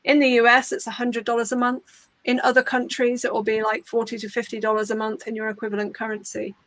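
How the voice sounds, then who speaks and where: A woman on a panel walking through practical steps in a clear, conversational way. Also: on the high side, level tone, fast, a bit bright, no room sound. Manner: clear, practical, step-by-step explaining. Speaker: open source community leader.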